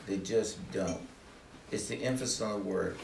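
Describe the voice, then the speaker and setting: A man's voice: low-pitched, moderate pace, creaky, a little mellow, roomy sound, recorded from a distance, slight background noise. An older man giving a testimony talk to a small group, earnest and preacherly, repeating his key phrases. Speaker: ministry speaker.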